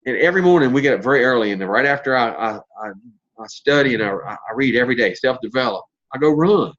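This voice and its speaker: A man's voice: medium pitch, expressive, quick pace, fairly bright tone, highs cut off. A man in his fifties giving a motivational talk as a network marketing leader, telling stories in a blunt, folksy way with mild cursing. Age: 50s.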